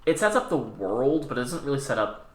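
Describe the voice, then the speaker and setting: A young man co-hosting a casual podcast, talking in an animated way, swearing and slipping into quick quoted voices. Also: medium pitch, roomy sound. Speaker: podcast co-host. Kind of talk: casual chat.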